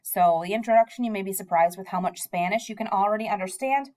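A young adult woman teaching Spanish in a recorded lesson, talking through examples in a relaxed way with frequent ums. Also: mid-range voice, quick pace.

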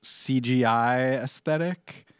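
A man's voice: medium pitch, takes it slowly, clean tone, no echo, studio quality. A man co-hosting a culture podcast, talking casually with frequent laughs and fillers. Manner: laughs often while describing, many fillers. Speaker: podcast co-host. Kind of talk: casual chat.

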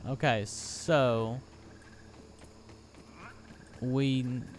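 A man's voice: medium pitch, fairly even intonation, extremely slow, slight background noise. A young man giving let's play commentary, easily startled and talking to himself as he plays. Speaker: gaming YouTuber.

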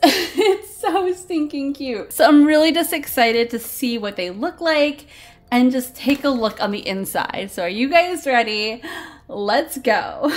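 A woman hosting a casual toy unboxing, gushing and giggling over each cute figure. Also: high voice.

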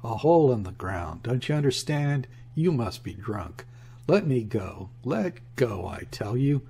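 A man's voice: mid-range voice, big pitch swings, a little slow, vocal fry, mellow, slightly rough, full character voice. A man voicing a drunken, bitter trader who speaks thickly and fiercely, in an audiobook reading. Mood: furious. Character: drunken bitter middle-aged trader, unsteady and wild.

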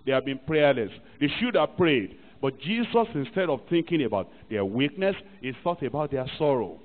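A man's voice: mid-range voice, animated, normal speed, a little hiss or hum. A man preaching a sermon emphatically and acting out little scenes from church life. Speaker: pastor. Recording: tinny archive recording in a reverberant hall.

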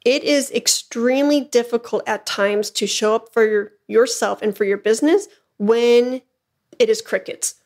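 A woman's voice: fairly high pitch, normal speed, darkish tone. A woman hosting her own podcast, coaching listeners in an encouraging, emphatic way and often checking in with "okay?". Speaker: podcast host, flute business coach. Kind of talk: motivational solo podcast talk.

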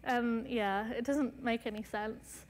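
A woman's voice: on the high side, steady tone, takes it slowly, in a large hall. A woman artist giving a casual lecture, chatty, with many fillers and light self-mocking asides.

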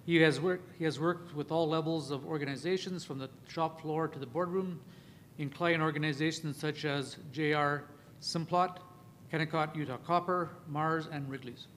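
A man chairing a conference session in a slightly raised pitch. He reads the speakers' introductions with small stumbles, over a faint background rumble. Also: steady tone, moderate pace, fairly bright tone.

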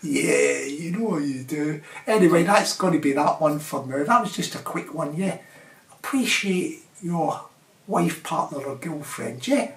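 A man's voice: fairly high pitch, lively intonation, measured pace, gravelly. A man vlogging in a rambling, casual monologue, chuckling and tacking on tag questions. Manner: chatty, repeats tag questions, chuckles often. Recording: roomy, distant from the mic.

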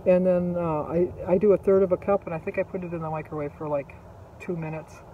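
A man's voice: high voice, steady tone, quick pace, narrow, tinny audio, slight background noise. A middle-aged man, vlogging and telling a story in a chatty, rambling way full of fillers. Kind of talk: casual storytelling.

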